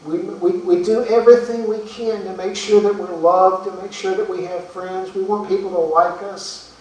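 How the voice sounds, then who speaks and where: Preacher heard from afar in an echoey hall. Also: male voice, high-pitched, fairly even intonation, moderate pace, a little mellow. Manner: earnest, rhetorical questions, repeats words. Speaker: pastor. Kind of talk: sermon. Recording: echoey room from far off.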